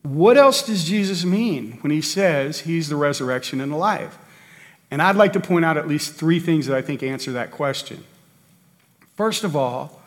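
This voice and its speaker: A man preaching a sermon, earnest and emphatic, often restarting his sentences. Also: a little high. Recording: long hall reverb.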